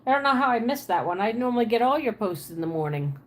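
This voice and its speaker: A Pennsylvania woman with a Pennsylvania Dutch accent and a Southern twang chats casually on a livestream from her apartment, answering viewers' comments aloud. Her voice is a little high, very animated, and quick.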